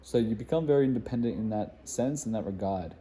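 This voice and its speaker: A young man, a fitness coach, chatting casually to camera in a relaxed, rambling way with plenty of fillers. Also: lowish voice, a little fast, a little hiss or hum. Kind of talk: casual vlog talk to camera.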